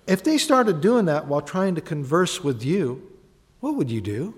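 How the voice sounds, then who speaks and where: A man delivers a sermon as pastor, his voice sitting a little high for a man. He talks conversationally, asks the congregation questions and acts out prayers. A long reverb trails each phrase in the church sanctuary. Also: sing-song, moderate pace.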